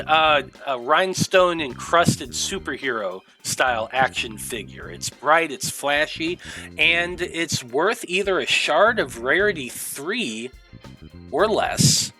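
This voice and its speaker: Man, game master, tabletop narration, upbeat, filler-heavy, bright tone, faint music behind. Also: on the high side, slow pace. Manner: relaxed, full of fillers, upbeat.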